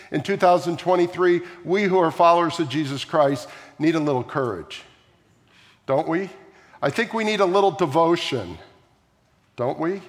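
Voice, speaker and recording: Animated man preaching in a reverberant church. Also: fairly high pitch. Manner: animated storytelling preacher, asks the congregation questions. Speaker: pastor. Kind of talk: sermon. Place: large church sanctuary. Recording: long hall reverb.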